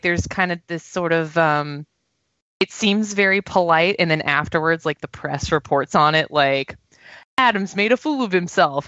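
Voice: mid-range voice, fairly bright tone, dry recording, dull audio. A podcast panelist in casual discussion, rambling with lots of "like" as they talk. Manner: rambling, heavy use of "like".

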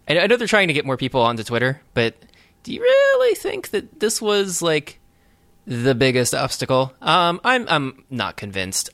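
A man hosting a podcast, chatting casually in a halting, sardonic way with many restarts. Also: mid-range voice, pushed and bright, no room sound. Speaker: podcast host. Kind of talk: casual chat.

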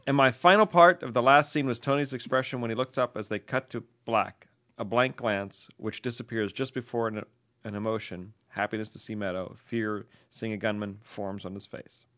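A man's voice: lowish voice, fairly even intonation, moderate pace, fairly bright tone. A man co-hosting a podcast, chatting wryly and reading out listener messages. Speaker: podcast co-host. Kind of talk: casual chat, reading listener mail.

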